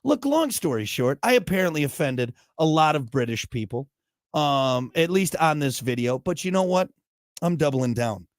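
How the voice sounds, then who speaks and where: A male podcast host in casual chat, ranting in mock outrage. His voice is high and swoops all over the place. The sound is close and dry. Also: big pitch swings, moderate pace, no room sound.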